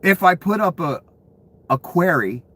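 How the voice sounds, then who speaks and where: A man's voice: high voice, animated, measured pace, fairly bright tone. A man giving ranting commentary, profane and incredulous, laughing between outbursts. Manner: profane, incredulous, calls the listener "son".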